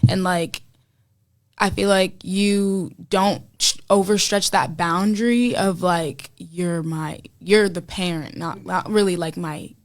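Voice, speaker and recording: A young adult woman chatting casually as her mother's guest, relaxed and teasing, with lots of "like" fillers. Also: on the low side, slow pace. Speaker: guest, host's daughter. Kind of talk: casual chat.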